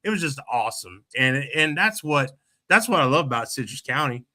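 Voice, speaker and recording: A man's voice: mid-range voice, sing-song, a little fast, pushed and bright. A middle-aged man, hosting a casual podcast chat and rambling with many restarts and fillers. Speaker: podcast host.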